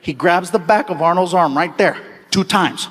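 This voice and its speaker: A man doing stand-up storytelling in an animated, excitable way, laughing along with his own story. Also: high-pitched, normal speed, long reverb tail. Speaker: stand-up comedian.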